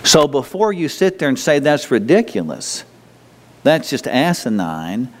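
Folksy preacher in a reverberant sanctuary. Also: male voice, sing-song, measured pace. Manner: folksy, conversational, often asks the congregation questions; mimics others in a high mocking voice. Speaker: pastor. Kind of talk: sermon.

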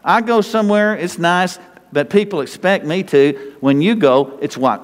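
A man with a North Texas accent, a pastor giving a lively, conversational sermon full of rhetorical questions. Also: sits high, unhurried, in a large hall.

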